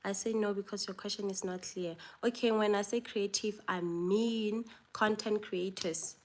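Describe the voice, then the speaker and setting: South African woman hosting a live chat, unhurried, reads comments aloud and answers them. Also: mid-range voice. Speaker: livestream host.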